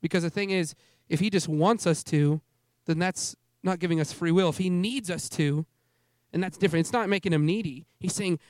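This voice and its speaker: Earnest young man with a high voice. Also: brisk, dry recording, studio quality. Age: young adult. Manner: earnest, rambling, self-interrupting. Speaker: speaker at a youth ministry gathering. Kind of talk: informal sermon testimony.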